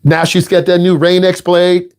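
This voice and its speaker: A man's voice: high-pitched, completely flat delivery, a little slow, darkish tone, clear, resonant tone. A middle-aged man from the Midwest giving a driving lesson in a blunt, teasing, direct way. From American Midwest. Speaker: driving instructor. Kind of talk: casual instructional talk.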